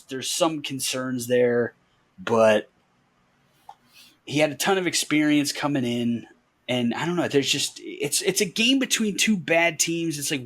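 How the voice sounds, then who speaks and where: A man's voice: fairly high pitch, fairly bright tone, dry recording. Easygoing man talking football, dry sound. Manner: easygoing, rambling, laughs often. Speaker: podcast co-host. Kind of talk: casual sports chat.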